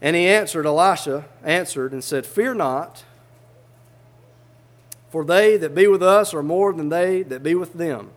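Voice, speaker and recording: A man's voice: a little high, unhurried. A man preaching a sermon, fervently reading old scripture aloud and explaining it in plain everyday words.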